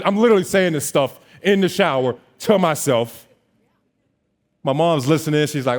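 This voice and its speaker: Animated young man telling his story. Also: on the high side, normal speed. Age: 20s. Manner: animated storytelling, acts out dialogue. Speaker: notary business owner. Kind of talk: motivational stage talk.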